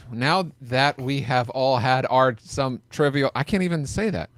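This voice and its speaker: A man's voice: medium pitch, a little slow, few pauses. A man co-hosting a podcast, reading listener comments aloud in a joking way and stumbling over his lines. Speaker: podcast co-host.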